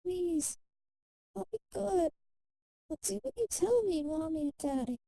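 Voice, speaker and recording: A woman voicing a young dying girl with a high, pleading, childlike voice. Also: expressive, measured pace, creaky, dark tone, dry recording, full character voice.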